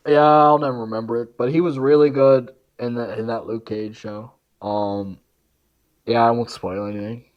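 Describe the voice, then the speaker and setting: A young man co-hosting a casual podcast chat, easygoing, with short agreeing replies and quick laughs. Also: mid-range voice, fairly even intonation. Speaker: podcast co-host. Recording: dull lo-fi sound.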